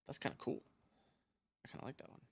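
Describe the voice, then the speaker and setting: A man live-streaming from his piano, chatting casually, reading viewers' messages aloud and humming to himself as he mulls them over. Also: fast talker. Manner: musing aloud, reading chat, humming, laughing. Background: soft background music.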